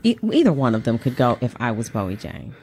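A woman with a low voice that swings widely as she talks, co-hosting a loose panel chat over a video call. She teases and bosses the group in a playful way. Faint noise sits under her voice. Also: sing-song, fairly quick, warm tone. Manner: playfully bossy, teasing moderator. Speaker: co-host.

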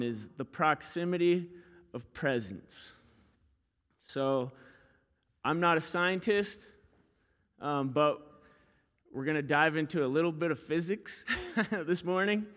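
A man's voice: mid-range voice, in a large hall. A young man preaching a sermon as pastor, in a casual, storytelling way with frequent fillers. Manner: casual, storytelling, animated when quoting.

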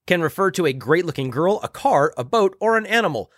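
Man, podcast co-host, joking, animated pitch, slightly high voice, dry studio sound. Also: brisk, no echo. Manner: playful, joking, laughs often. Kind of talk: casual studio chat.

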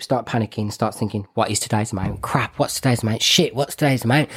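A man with a Birmingham accent, a podcast co-host telling a story in casual chat, laughing often and mocking himself. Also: medium pitch. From Birmingham, England.

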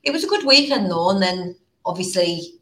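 A woman from the north of England hosting a casual podcast chat, telling stories with animated, exasperated asides. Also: on the low side, fairly quick. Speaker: podcast host.

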